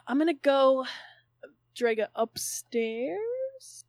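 Woman player, kinda high voice, friendly, bit hesitant. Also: very animated, very slow, no echo. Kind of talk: casual tabletop play.

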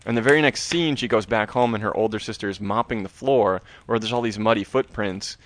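A man's voice: lowish voice, brisk, no echo. Man animatedly recapping a horror episode. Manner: animated retelling with acted-out quotes. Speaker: podcast co-host. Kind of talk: casual recap chat.

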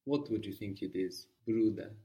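A man's voice: fairly low pitch, moderate pace, dark tone, recorded from a distance. Patient man teaching a language lesson. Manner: patient, prompting with questions.

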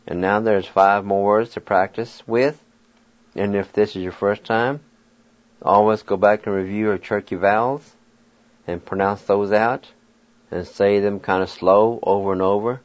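A man's voice: fairly low pitch, normal speed, muffled recording. A man hosting a radio language lesson who spells words out letter by letter and encourages his listeners. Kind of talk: slow, patient pronunciation lesson.

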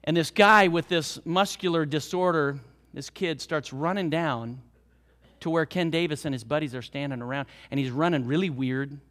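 A middle-aged male pastor with an American Midwest accent, preaching an animated sermon that swings between soft and loud. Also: normal speed. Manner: animated preaching with big swings in loudness and pitch.

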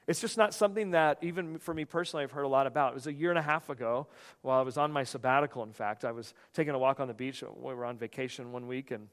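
A male pastor delivers a sermon in a middle-pitched voice, storytelling with lively energy and plenty of restarts. His words ring out with a long reverb, as in a large church sanctuary. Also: quick pace. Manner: animated storytelling with frequent restarts.

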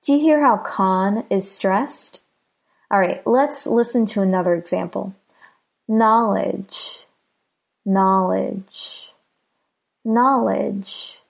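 A woman with an American accent teaching English pronunciation, speaking slowly and clearly and repeating example words for learners. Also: mid-range voice, animated.

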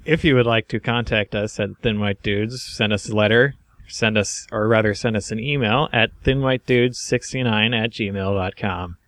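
Low-pitched male co-host, dry delivery, deadpan humor, close dead-room mic. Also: moderate pace, dry recording. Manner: dry, deadpan one-liners. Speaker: podcast co-host. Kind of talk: casual banter.

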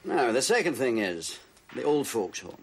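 A shrewd, bossy businessman. He talks with a lively, swooping delivery and hands out orders briskly. Faint noise sits under the TV audio. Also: mid-range voice, creaky. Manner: brisk and commanding. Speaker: boss giving orders.

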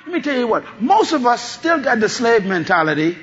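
A man preaches in a very high, bright voice, his pitch leaping all over as he moves between shouts and quiet asides. He laughs often as he drives his sermon home. The recording is dull and lo-fi. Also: sing-song, a little fast, few pauses. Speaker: pastor.

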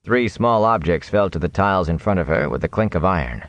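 Deep-voiced male audiobook narrator. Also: lively intonation, a little fast. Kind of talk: scripted fantasy narration.

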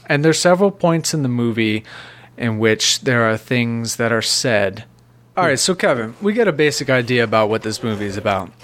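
A man's voice: medium pitch, expressive, moderate pace, fairly bright tone. A man co-hosting a film chat, explaining plots in a playful, chatty way. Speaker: podcast co-host. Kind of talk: casual chat.

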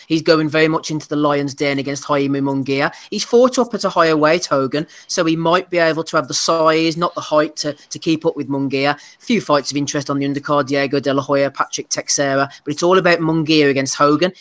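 Man, podcast host, slightly high voice, brisk, announcing fight cards, casual chat. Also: a bit bright.

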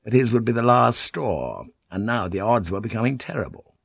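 A man reading a novel aloud in measured, tense scripted narration. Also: on the low side, sing-song, gravelly, husky, no room sound. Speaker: audiobook narrator.

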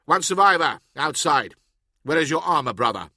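A man's voice: a little high, sing-song, moderate pace, sharp tone, no echo, clean studio sound, exaggerated voice. A man voicing a stern, proud armored warrior who speaks in clipped, commanding lines. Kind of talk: audiobook character voice.

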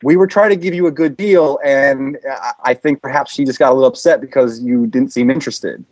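A man's voice: medium pitch, brisk, a little mellow, no echo, highs cut off. A man prank-calling as a call center manager, falsely polite and stammering, then insulting. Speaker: prank caller posing as a manager.

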